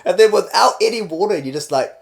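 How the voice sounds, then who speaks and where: A young man from New Zealand with a New Zealand accent, co-hosting a podcast and telling crude comic stories quickly and loosely. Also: high voice, lively intonation, gravelly. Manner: fast, rambling storyteller, acts out quotes. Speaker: podcast co-host. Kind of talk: crude comedic banter.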